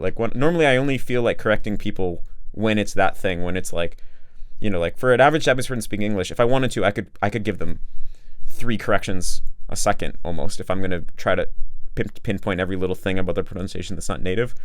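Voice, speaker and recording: A man's voice: low voice, quick pace, no echo. A young man explaining casually, with many fillers and rambling asides. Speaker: language coach answering a question.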